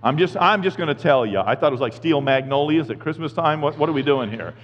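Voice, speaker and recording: Man in his fifties, pastor, sermon, lively and joking, high voice, long hall reverb. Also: fast talker, muffled recording, slight background noise. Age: 50s. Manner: animated, jokey, shifts from hushed to shouting.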